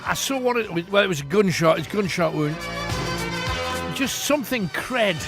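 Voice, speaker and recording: Man, high-pitched voice, jokey late-night radio phone-in host, music playing behind. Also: lively intonation, normal speed. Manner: chatty, jokey, coaxing.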